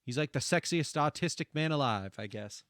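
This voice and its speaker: A man streamer talks over highlights from his own stream in casual commentary, full of swearing and animated rants. His voice sits high and swings widely in pitch. The sound is close and dry, with no room around it. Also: a little fast, no echo. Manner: animated, profane ranting with frequent laughs.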